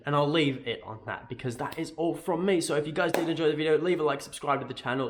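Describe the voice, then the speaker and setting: A young man with an Australian accent talks through his football opinions in a loose, casual vlog. He wanders, restarts his sentences and keeps checking in with a quick "right?". His pitch sits in an ordinary middle range for a man. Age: young adult. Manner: rambling, self-correcting, keeps asking "right?". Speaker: football fan vlogger.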